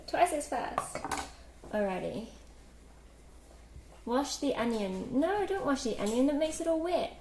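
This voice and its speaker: Woman, casual cooking streamer, higher voice, rambling with fillers, roomy kitchen echo, loud clatter of dishes behind. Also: animated, takes it slowly, pauses often, background noise. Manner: chatty, many fillers, giggly. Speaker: livestream host cooking. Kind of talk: casual cooking livestream chat, reading chat. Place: home kitchen. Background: kitchen clatter, chopping and dishes.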